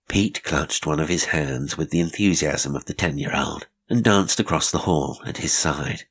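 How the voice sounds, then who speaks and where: Deep-voiced male horror narrator. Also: a bit bright, husky. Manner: measured, dramatic storytelling. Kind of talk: scripted audiobook narration.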